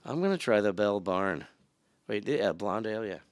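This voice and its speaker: A man co-hosting a podcast in casual chat, an animated storyteller who acts out the people in his jokes. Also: lowish voice, normal speed, background noise. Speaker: podcast co-host. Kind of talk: casual chat, telling a joke.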